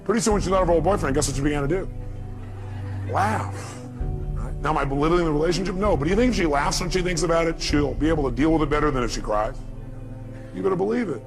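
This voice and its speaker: Emphatic male motivational speaker over music. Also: fast talker. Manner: emphatic, rhetorical questions to the crowd; swings from loud bursts to low intimate asides. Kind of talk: motivational speech to an audience. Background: music bed.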